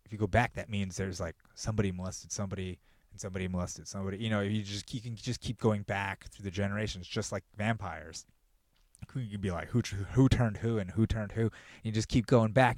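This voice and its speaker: A man hosting a podcast with a profane, riffing comedic rant that builds to loud mock outrage. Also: lowish voice, dry recording, studio quality. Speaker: podcast host.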